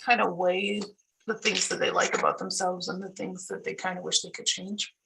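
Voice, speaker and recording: A woman's voice: lowish voice, little pitch movement, normal speed, vocal fry, noisy background. A woman co-hosting a casual Bible study chat, reflective, often finishing her co-host's thoughts.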